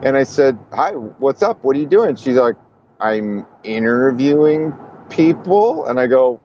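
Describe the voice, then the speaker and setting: A man in casual chat, telling a story with lively, acted-out voices for the people he quotes. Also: medium pitch, measured pace, a little hiss or hum. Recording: dull lo-fi sound.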